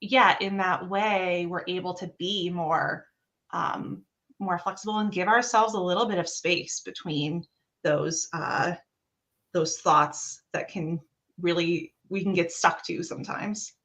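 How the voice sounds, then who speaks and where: A woman talking casually as a guest improviser, animated and acting out her own thoughts in a higher voice. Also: a little slow. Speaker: guest improviser and behavior analyst. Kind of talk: casual chat.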